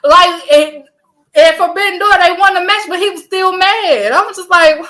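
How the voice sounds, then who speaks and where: A woman co-hosting a podcast tells stories with lots of animation, laughing often and swearing casually in a Southern American accent. Her voice is very high, and she speaks at a moderate pace.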